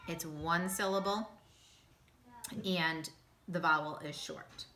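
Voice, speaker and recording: A woman teaching a phonics lesson to young children, speaking slowly and patiently, sounding out each word. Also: on the low side, fairly even intonation, sharp tone, slight background noise. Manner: slow, patient, sounding out words. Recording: echoey room.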